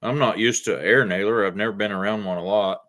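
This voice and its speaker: A man telling a slow, halting story in casual chat. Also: on the low side, a bit bright.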